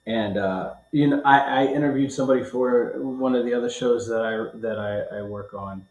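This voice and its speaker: A man hosting a podcast interview, affirming his guest and asking open, searching questions in an animated, casual way. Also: medium pitch, normal speed, echoey room, low-quality recording. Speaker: podcast host.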